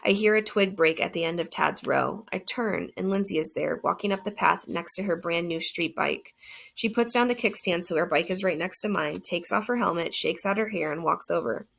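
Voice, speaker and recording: A woman narrates an audiobook in the first person, earnest and reflective. Her voice sits low with a gravelly fry. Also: moderate pace, fairly bright tone.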